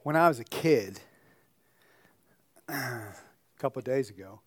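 A man's voice: mid-range voice, lively intonation, measured pace, breathy edge. An older man, a pastor, giving a sermon in a conversational storytelling way with joking asides.

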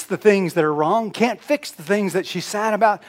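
High-voiced man preaching in hushed tones. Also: lively intonation, normal speed, hardly any pauses. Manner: conversational storytelling, swings from loud emphasis to hushed near-whisper. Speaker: pastor. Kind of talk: sermon.

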